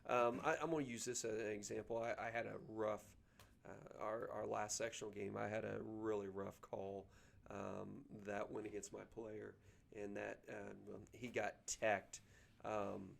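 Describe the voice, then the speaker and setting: A middle-aged man, a basketball coach talking earnestly as a guest, pausing often with ums and restarts. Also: on the low side, flat delivery, vocal fry, slight background noise. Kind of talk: casual podcast conversation.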